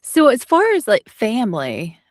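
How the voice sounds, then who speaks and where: A woman's voice: on the high side, huge pitch swings, moderate pace, dry recording, clean studio sound. A woman from Alabama with a light, toned-down Southern accent, chatting in an interview as an audiobook narrator, rambling with lots of fillers. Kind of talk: casual interview.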